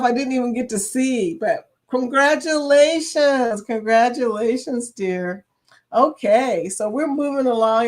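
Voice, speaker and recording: A woman hosting a casual live-stream chat, talking to viewers by name and laughing often. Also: a little high. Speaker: livestream chat host.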